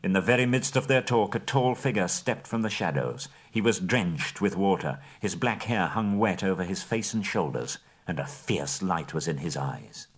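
A low-voiced man reading a fantasy story aloud in a steady audiobook narration. His delivery is dramatic, building through the action and easing into hush. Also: moderate pace, hardly any pauses, slightly rough. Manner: dramatic, swelling at action, hushed at endings.

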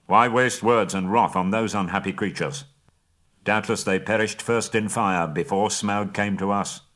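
A steadfast bowman hero who speaks with quiet, solemn resolve, as a male narrator voices him. His voice sits low and firm, carrying the weight of a storybook hero. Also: fairly even intonation, measured pace. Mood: resolute.

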